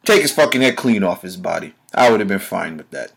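A man's voice: sits low, lively intonation, fairly quick, vocal fry, breathy edge. Blunt, profane man ranting on his podcast. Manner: rhetorical questions at listeners. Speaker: podcast host. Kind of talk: solo opinion rant.

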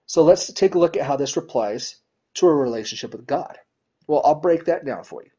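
A man giving a conversational sermon, talking straight to his listeners in a direct, informal way and often checking in with "you know" and "right?". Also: breathy edge. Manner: emphatic swings in pitch and loudness. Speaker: preacher.

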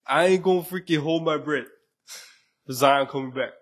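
Husky, higher-voiced man, blunt sports talk. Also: measured pace. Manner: blunt, swears a lot, teasing. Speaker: podcast co-host. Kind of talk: casual sports chat.

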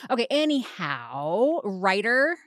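A woman's voice: mid-range voice, sing-song, slow pace, fairly bright tone, no room sound, clean studio sound. A woman hosting a comedy podcast, teasing her guest and riffing on words in a playful interview chat. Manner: teasing, jokey, riffs on words. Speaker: podcast host.

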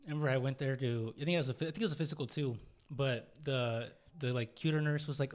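A young man who is a guest on a casual podcast, recounting anecdotes in a relaxed, plain way. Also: medium pitch, quick pace. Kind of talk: casual chat.

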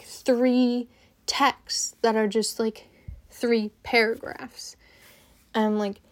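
A young woman hosting her own podcast, rambling casually and haltingly, with lots of "like" fillers. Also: a little high, a little mellow. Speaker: podcast host.

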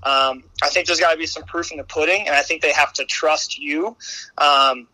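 A man with a Midwestern American accent, working as a girls basketball coach, talks casually in a podcast interview. His voice is very bright and a touch high for a man, and it is recorded close and dry. He is earnest and keeps circling back with restarts and "I think.". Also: steady tone, moderate pace, no echo, rough recording.

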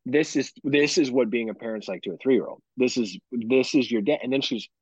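Husky man swearing through parenting stories. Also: medium pitch, fairly quick, no echo, lo-fi sound. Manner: swears freely, animated storytelling. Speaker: podcast co-host. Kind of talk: casual chat.

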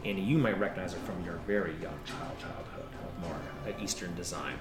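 A man's voice: low-pitched, brisk, echoey room, over loud music. A man narrating as game master in a laid-back way, describing scenes with casual swearing.

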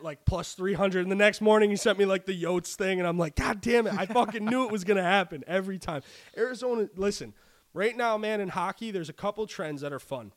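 Profane, excitable man talking sports bets. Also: sits high. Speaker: podcast co-host. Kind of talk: casual sports betting chat.

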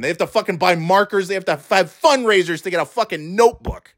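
A man's voice: high voice, fast, a bit bright, no room sound, clean studio sound. A man hosting a podcast, ranting angrily and sarcastically with lots of profanity. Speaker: podcast host. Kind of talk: angry ranting monologue.

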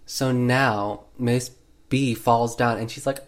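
Male host, mid-pitched, casual sarcastic film recap, lots of filler words. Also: fairly even intonation, slow pace. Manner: sarcastic, heavy use of 'like' fillers.

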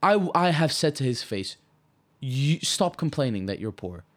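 A young man co-hosting a podcast in casual chat, blunt and animated, swearing often as he tells a story. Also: mid-range voice, unhurried. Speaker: podcast co-host.

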